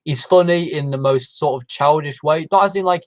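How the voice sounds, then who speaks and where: A man's voice: fairly high pitch, fairly quick, no room sound, low-quality recording. A man hosting a casual livestream, rambling with many fillers and restarts. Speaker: livestream host. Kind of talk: casual chat.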